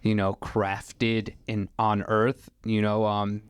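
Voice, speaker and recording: On a casual podcast, a man in his twenties speaks slowly in a fairly low, smooth voice with a completely flat delivery. The recording is dry and studio quality, and his rambling stories are full of "like" fillers.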